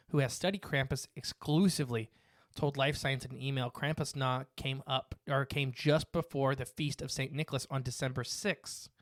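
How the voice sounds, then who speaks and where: A man's voice: medium pitch, no echo. Rambling male podcast co-host. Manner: reads facts from notes, rambling with fillers and restarts. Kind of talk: casual podcast chat. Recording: dry close mic.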